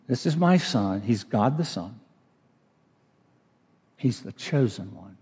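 A man preaching a sermon as pastor, slow and deliberate, rising to emphatic peaks. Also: medium pitch, mellow. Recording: reverberant church hall.

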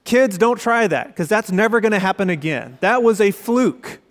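A man's voice: high-pitched, lively intonation, normal speed. A young man preaching a sermon as pastor, conversational and storytelling, with quoted asides. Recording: long reverb of a large hall.

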